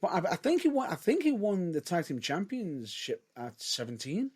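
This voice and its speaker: A man's voice: high-pitched, moderate pace, husky. A man co-hosting a podcast, chatting casually and hedging his points with frequent restarts. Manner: hedging, restarts often, lively rises and drops. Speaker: podcast co-host. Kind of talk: casual wrestling chat.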